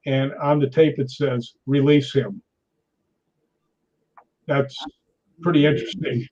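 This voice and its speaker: Husky older man spinning yarns. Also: a little high, moderate pace. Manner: lively, laughs often, acts out others' lines. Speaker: stunt performer guest. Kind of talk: anecdotal storytelling. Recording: dull lo-fi recording.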